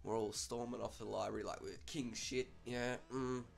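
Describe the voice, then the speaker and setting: Gravelly young Australian guy telling a story. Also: mid-range voice, normal speed. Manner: chatty, swears freely, animated retelling. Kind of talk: casual storytime commentary.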